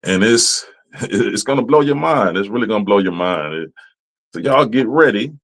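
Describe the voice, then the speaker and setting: Animated, profane man hosting a podcast. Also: fairly low pitch, moderate pace. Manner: animated, profane, laughs often, voice jumps up when ranting. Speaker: podcast host. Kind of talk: casual monologue.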